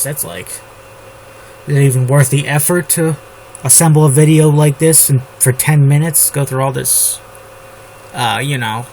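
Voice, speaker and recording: A man writing a novel on camera, slowly reading his draft aloud and rambling about it with lots of fillers. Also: medium pitch, rough recording. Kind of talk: writing session, thinking aloud. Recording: steady background noise with keyboard typing. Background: computer keyboard typing.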